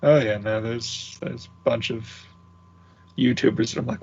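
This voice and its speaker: A man's voice: medium pitch, fairly even intonation, a little slow, darkish tone, husky, dull audio. A man playing in a tabletop game, chatting casually and trailing off mid-sentence. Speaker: player. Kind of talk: casual chat in character and out.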